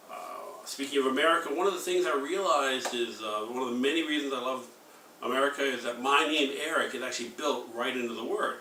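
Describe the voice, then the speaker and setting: A man in his forties rehearsing a stand-up comedy act, delivering deadpan one-liners with frequent filler segues. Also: mid-range voice, reverberant, recorded from a distance, slight background noise. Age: 40s.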